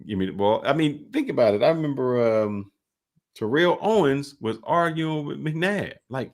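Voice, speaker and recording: A man hosting a podcast, telling sports stories in casual talk over a call, often getting animated and loud. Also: mid-range voice, normal speed. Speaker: podcast host.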